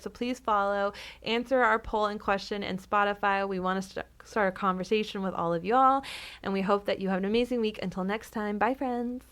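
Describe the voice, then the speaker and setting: A woman's voice: medium pitch, a bit bright, clear, resonant tone. A young adult woman co-hosting a podcast in casual chat, blunt and teasing, swearing casually. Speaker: podcast co-host.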